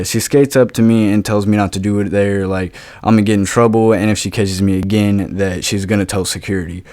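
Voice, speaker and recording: A man's voice: fairly low pitch, darkish tone, smooth, no echo. A young man telling a casual storytime monologue in a laid-back way, full of fillers and swearing, often asking "right?".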